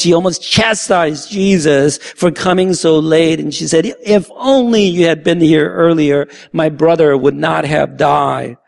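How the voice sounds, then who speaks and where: Male preacher, slightly high, gravelly voice, casual sermon delivery with restarts. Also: darkish tone. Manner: retells scripture with stumbles and restarts.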